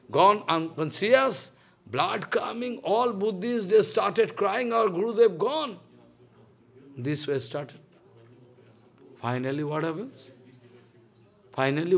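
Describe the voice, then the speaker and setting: Animated high-voiced preacher. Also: male voice, gravelly. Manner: animated, dramatic retelling in broken English. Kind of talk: sermon storytelling.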